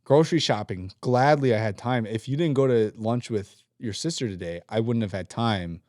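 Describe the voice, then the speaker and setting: A man's voice: mid-range voice, moderate pace, no room sound, clean studio sound. A man co-hosting a podcast in casual chat, ranting heavily and swearing freely; he leads a team at work. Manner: profane, ranting, animated. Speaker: podcast co-host.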